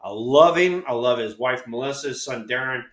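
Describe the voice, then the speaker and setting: A man in his sixties, co-host and former ballplayer, telling stories in casual chat, animated and profane, acting out quotes. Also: medium pitch, a little fast, reverberant.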